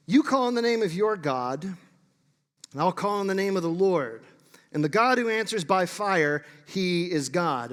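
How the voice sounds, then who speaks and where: A man's voice: fairly high pitch, long reverb tail. A man preaching a sermon, reading scripture aloud and breaking in with playful, sarcastic asides. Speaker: pastor. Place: church sanctuary.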